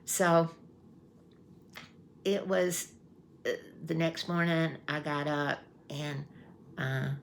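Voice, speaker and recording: A woman's voice: deep voice, very slow, vocal fry, long pauses, a little hiss or hum. A woman, telling a story in a folksy, meandering way as a vlogger. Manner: folksy, meandering with restarts and fillers. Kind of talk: casual storytelling.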